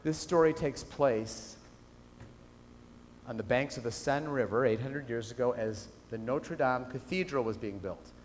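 A man's voice: medium pitch, a little slow, a little hiss or hum. A man giving a business keynote speech to a live audience, telling a story and asking the room questions. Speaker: keynote speaker. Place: lecture hall with audience. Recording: reverberant hall.

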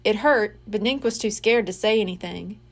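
A woman reading a children's mystery book aloud, slowly and expressively. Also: medium pitch. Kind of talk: read-aloud storybook narration.

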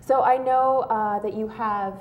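A woman hosting a studio interview show, upbeat and quick with praise as she leads her guest along. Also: fairly high pitch, fairly even intonation, phone-quality sound, slight background noise. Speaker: host. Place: television studio.

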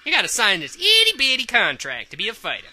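A loud, folksy older fight promoter hollers country slang in a game reading, as a woman puts him on. His voice is piercingly bright and swings all over the place, with faint music underneath. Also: fairly high pitch, huge pitch swings, fast, full character voice. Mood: blustery.

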